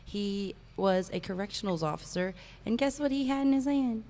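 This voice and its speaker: Lively laughing woman chatting outdoors. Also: medium pitch, moderate pace. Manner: animated, laughing, chanting cheers. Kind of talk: casual chat.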